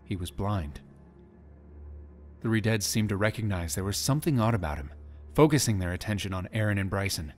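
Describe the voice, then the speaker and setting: A man narrates an audiobook in a dramatic storytelling manner. His voice sits on the low side. Faint music plays quietly beneath his reading. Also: animated, brisk, long pauses. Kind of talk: scripted narration.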